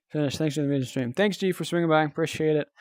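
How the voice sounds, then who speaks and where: Young male gamer, slightly high voice, dry self-deprecating humor, weary from a marathon stream. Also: a little mellow, no room sound. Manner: wry, self-mocking, chatting to viewers while playing. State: tired from a very long stream. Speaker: livestreamer. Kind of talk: casual livestream gaming commentary. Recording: game music playing behind.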